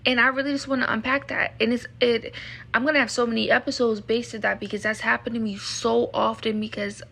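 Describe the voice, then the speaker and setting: A woman speaks on her podcast in a frank, emphatic way, as if getting things off her chest. Her voice sits a little high with a gravelly, fry-laced texture. She tells personal stories in a candid, conversational flow. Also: flat delivery, fairly quick, a bit bright.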